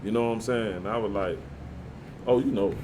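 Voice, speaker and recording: A man's voice: fairly low pitch, moderate pace, slight background noise. A man telling a story as a podcast guest, casual and profane, often acting out what others said. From Birmingham, Alabama. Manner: animated, profane, acts out quotes.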